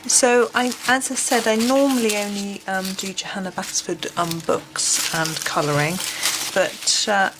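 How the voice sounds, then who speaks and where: Gentle, hesitant woman over steady hiss. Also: medium pitch. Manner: gentle, hesitant, frequent ums, drops to near whisper while unwrapping. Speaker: colouring book reviewer. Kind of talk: casual flip-through review. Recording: steady background noise.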